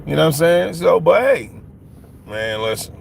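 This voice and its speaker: A middle-aged man from Philadelphia talks into his phone while walking down a street, his voice sitting a little high. He rambles and leans hard on his points, checking in with his listeners every few lines. Faint traffic hums around him. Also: lively intonation, normal speed, creaky. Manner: rambling, emphatic, keeps asking "you know what I'm saying". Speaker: livestream host. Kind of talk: casual livestream monologue. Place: outdoors, walking home on a street.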